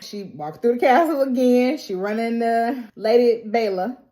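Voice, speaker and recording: A young woman with a fairly high voice recaps a TV episode in a loose, slangy, storytelling way. She laughs often and slips into quick character voices when she retells what people said. The delivery is animated and conversational. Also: reverberant. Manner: acts out characters' lines in quoted voices. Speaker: TV recap host. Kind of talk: casual TV recap and reaction.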